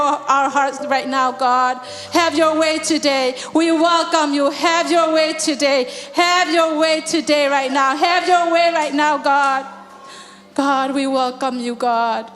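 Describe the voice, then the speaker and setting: A woman with a high voice leads a church service in fervent prayer, ending almost every phrase with God and sometimes rising into song. Her voice rings through a large hall with a long reverb, while soft music plays behind her. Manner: repeats God after each phrase, swells into singing. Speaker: prayer leader.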